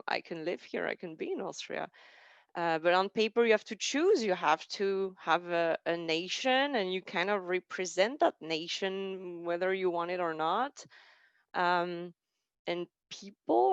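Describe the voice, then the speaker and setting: A woman's voice: lowish voice, clear, resonant tone, no echo. A young woman from France, a native French speaker, gives a personal talk in a candid, conversational way, full of fillers and self-corrections. The recording is dry and a little dull, with a slightly lo-fi sound.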